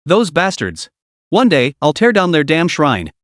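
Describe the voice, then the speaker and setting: A man doing a blunt, gruff squad captain. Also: fairly high pitch, huge pitch swings, unhurried, dry recording, studio quality. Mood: angry.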